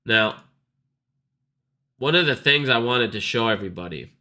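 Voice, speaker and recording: A man's voice: mid-range voice, expressive, normal speed, bright, forceful tone. A man hosting his own market video, ranting casually in a blunt, profane, scornful way. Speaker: stock market video host.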